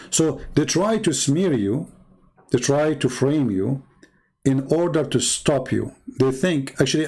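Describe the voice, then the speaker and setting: A man's voice: medium pitch, creaky, mellow, slightly rough. A man hosting his own channel, delivering a blunt, scornful monologue. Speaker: channel host. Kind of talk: combative monologue.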